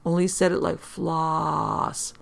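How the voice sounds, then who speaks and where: Deadpan dark comic storyteller, crude words, super gravelly creaky voice. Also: mid-range voice, fairly quick.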